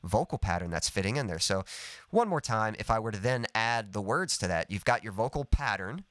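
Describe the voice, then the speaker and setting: A man's voice: lowish voice, expressive, fairly quick, a bit bright, no room sound. A man teaching songwriting in a live lesson, explaining step by step in an easygoing way with lots of "sort of" and "kind of.". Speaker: songwriting coach.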